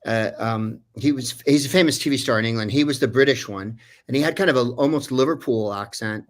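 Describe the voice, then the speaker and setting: A man's voice: medium pitch, brisk. Rambling man telling an anecdote. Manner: rambling, digressive, many fillers. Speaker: voice actor guest.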